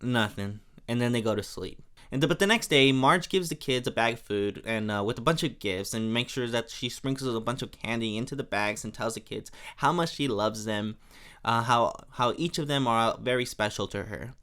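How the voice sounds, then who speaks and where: A man's voice: medium pitch, fairly quick, pushed and bright. A young man hosting a podcast, recapping an episode in a casual, rambling, chatty way with plenty of fillers. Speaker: podcast host.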